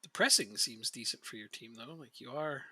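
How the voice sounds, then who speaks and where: A man's voice: medium pitch, normal speed, bright, forceful tone, husky, no echo. A man streaming a game, chatting casually with a co-player, teasing and laughing often. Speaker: gaming streamer. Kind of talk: casual gaming stream chat.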